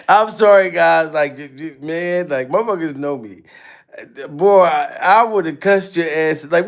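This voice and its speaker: A man's voice: high-pitched, lively intonation, measured pace, creaky. A man giving profane, mocking reaction commentary to a live stream audience, laughing and swearing often.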